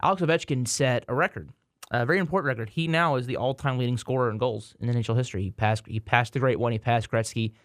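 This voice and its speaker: A man's voice: mid-range voice, quick pace, no room sound. Male podcast host, casual sports chat, dry close sound, trips over his words a lot. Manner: rambling, repeats words and restarts, self-deprecating.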